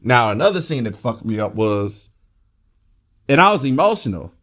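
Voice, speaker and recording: A man reviewing a movie in casual chat, excitable and rambling, with lots of swearing. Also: mid-range voice, normal speed.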